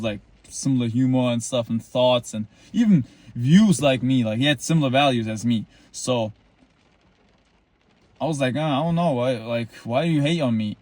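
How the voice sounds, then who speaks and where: A man's voice: on the high side, dry recording. A man in his twenties telling a story to a camera outdoors in the cold, rambling and boastful, full of likes and restarts. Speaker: vlogger.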